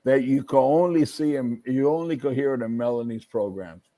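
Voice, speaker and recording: A man from Cuba tells a long story in an animated way, drifting into Spanish words now and then. His voice sits at an ordinary pitch and sounds dry and close. It is relaxed, everyday talk-show chat. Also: normal speed, dry recording. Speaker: guest storyteller. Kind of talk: casual chat.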